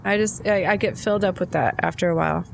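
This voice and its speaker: A woman's voice: fairly low pitch, fast, gravelly, a little hiss or hum. A woman co-hosting a podcast, telling a personal story in casual, chatty conversation. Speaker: podcast co-host. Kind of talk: casual chat.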